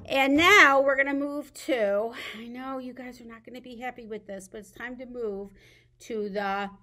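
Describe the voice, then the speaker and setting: A woman's voice: fairly high pitch, fairly even intonation, normal speed, bright, forceful tone. A woman leading a baby storytime as a children's librarian, reading a picture book aloud in a sing-song, playful way and coaxing little listeners to join in.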